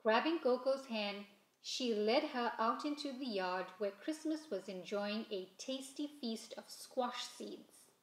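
Unhurried woman reading a storybook aloud. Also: fairly high pitch. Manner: slow, expressive storytelling. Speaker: children's story reader. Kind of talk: read-aloud storybook narration. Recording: roomy echo.

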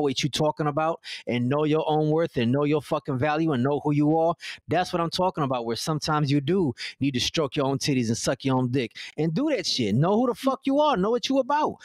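A man's voice: on the high side, a little mellow, dry recording. A man talking in a blunt, profane, very direct way, tripping over his own words as he restarts sentences. The sound is close and dry, with no room around him. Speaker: podcast guest. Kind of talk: blunt casual chat.

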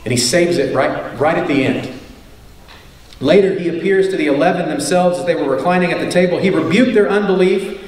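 A high-voiced male preacher moves fairly quickly through a sermon in an echoey church sanctuary. He's a preacher and teacher who speaks emphatically, repeats key lines, and asks rhetorical questions, captured far from the mic with faint noise.

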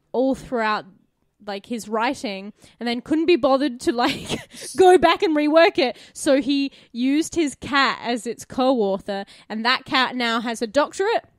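A woman's voice: on the high side, no room sound, studio quality. A woman co-hosting a casual podcast chat, chatty and laughing often. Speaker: podcast co-host.

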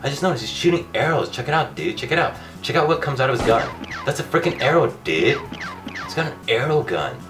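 A man commentating his own gameplay for a comic video, loud and excitable, ranting and yelling at the game, his voice going hoarse. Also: medium pitch, fast, recorded from a distance, music in the background. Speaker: gaming video host.

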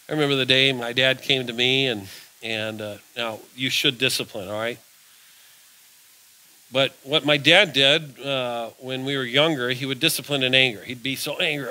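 A man's voice: mid-range voice, normal speed, bright, forceful tone, poor audio. A man preaching an evening sermon in a church, folksy, posing rhetorical questions and answering them himself. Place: church sanctuary.

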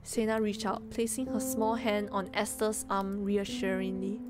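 A woman streamer reading a story aloud on a live stream in a gentle, measured voice. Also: medium pitch, little pitch movement. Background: music.

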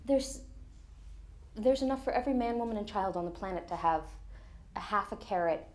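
A woman, author and guest speaker, telling lively anecdotes and explaining science plainly in an on-stage conversation at a lecture. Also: medium pitch, a little fast. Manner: lively anecdotal storyteller, laughs often.

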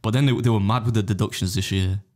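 A man's voice: lowish voice, steady tone, a little mellow. A man co-hosting a casual podcast, telling stories at speed, acting out other people's quotes and swearing freely. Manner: rapid anecdotal storytelling, acting out others' quotes. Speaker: podcast co-host and competitive eater.

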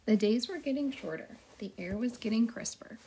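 A woman reads a children's storybook aloud in a gentle, measured way, her voice sitting a bit high. The tone is mellow and dark rather than bright, with a soft husky edge. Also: animated.

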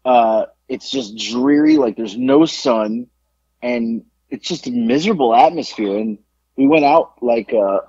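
A man chats on a podcast, telling a long story and acting out the voices of people in it, swearing freely. His voice is husky and swings widely up and down. The recording is dull and lo-fi. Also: mid-range voice, a little slow. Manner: animated storyteller, acts out quotes, swears freely. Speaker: podcast co-host. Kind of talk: casual podcast chat.

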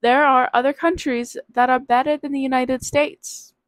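A woman's voice: high-pitched, fairly even intonation, normal speed, no room sound, rough recording. A nineteen-year-old woman, sick with covid, rambling hesitantly as she takes a quiz aloud in a casual vlog. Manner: rambling, hesitant, self-deprecating. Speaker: vlogger.

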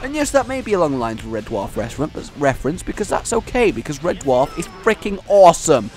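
Brief: excitable male let's-play host, rambling, jokey, bouncy high-ish voice. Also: a little fast, over loud music. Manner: excitable, rambling, breaks into silly voices and shouts. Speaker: gaming channel host.

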